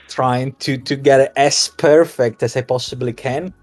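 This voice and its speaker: A man's voice: mid-range voice, steady tone, a little slow, soft background music. A man playing a tabletop game, rambling and joking about himself. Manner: rambling, self-mocking. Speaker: player.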